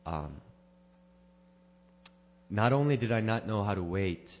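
Rambling low-voiced man giving a testimony. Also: animated, slow pace. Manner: rambling and self-correcting, with soft laughs. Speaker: church member giving a testimony. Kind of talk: personal testimony.

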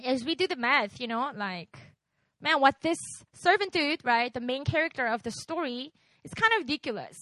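A woman's voice: high-pitched, animated, moderate pace, pushed and bright, no room sound. A woman giving a casual sermon, chatting with her listeners and quizzing them with "right?" as she goes. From outside America. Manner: conversational, keeps quizzing the audience with "right?". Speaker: preacher. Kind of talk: casual sermon to a young congregation.

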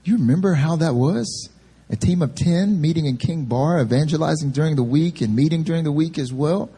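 A male preacher voicing God in a sermon story, gently and patiently asking whether he remembers. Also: fairly high pitch, fairly quick, slightly rough. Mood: reminding. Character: God speaking to the pastor, patient and reminding.

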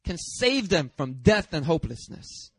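A pastor preaching a sermon in a lively, conversational way, with self-deprecating humor and chatty asides. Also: male voice, a little high, moderate pace, breathy edge, no echo, clean studio sound.

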